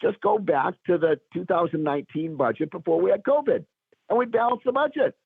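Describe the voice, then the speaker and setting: A man with a cold and a raspy voice, a guest on a radio talk show, speaking emphatically and pushing up to his key points. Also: high-pitched, expressive, brisk, dry recording. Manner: emphatic, rising to punch lines. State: hoarse from a cold. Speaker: guest commentator. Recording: phone line.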